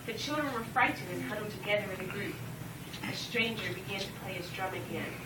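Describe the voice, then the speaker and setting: A woman telling a folk tale live to an audience, expressive and shouting the story's commands. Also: mid-range voice, fast talker, very noisy. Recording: roomy live recording from far off over loud music.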